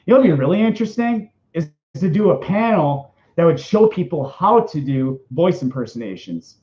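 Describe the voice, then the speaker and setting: A man's voice: on the high side, very animated, normal speed, mellow. A man hosting a casual question-and-answer chat, rambling and breaking off mid-thought. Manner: rambling, self-interrupting, chatty. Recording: dull lo-fi sound.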